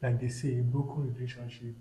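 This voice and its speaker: A man's voice: medium pitch, little pitch movement, brisk, mellow, a little hiss or hum. A man with a Nigerian accent, a guest on a casual podcast discussion, talking emphatically, repeating himself and slipping into pidgin phrases. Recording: roomy echo.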